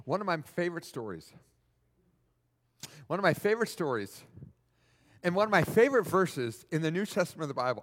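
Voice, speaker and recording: A male preacher delivers a sermon in a high, lively voice that leaps up and down. He keeps asking his listeners to answer back. His words trail into a long reverb in a large hall. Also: brisk, pauses often. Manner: animated, asks the audience questions.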